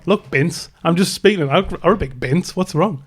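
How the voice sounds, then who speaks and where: A man's voice: fairly high pitch, moderate pace, husky. A man, co-hosting a podcast in crude, joking casual chat. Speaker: podcast co-host.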